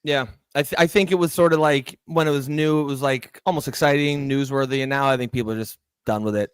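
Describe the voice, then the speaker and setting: A man's voice: medium pitch, fairly even intonation, fast talker, clear, resonant tone, no room sound. Hesitant man, dry close sound. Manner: hesitant, agreeable, many restarts. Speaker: podcast co-host. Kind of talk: casual political chat show.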